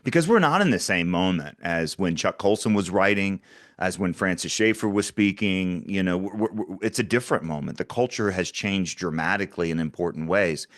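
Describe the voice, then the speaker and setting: A man's voice: low-pitched, lively intonation, normal speed, dry recording, studio quality. A man speaking as a guest in a conversational interview, earnest and talking through frequent stammered restarts.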